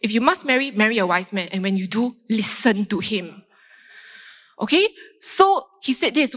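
A woman, a doctor giving a faith testimony and telling her story in a lively way, acting out her own reactions. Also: a little high, moderate pace. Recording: long reverb in a large hall.

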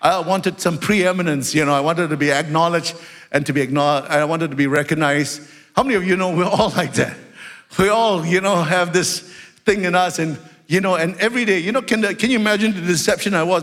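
Preacher, male, high voice, animated storyteller who climbs into shouts, live in a reverberant church hall. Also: brisk. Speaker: pastor. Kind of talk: sermon.

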